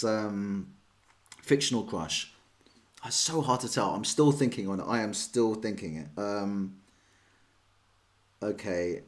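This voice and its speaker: An English man streaming chess, chatting casually and rambling as he answers viewers' questions. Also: lowish voice. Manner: chatty, rambling, self-deprecating.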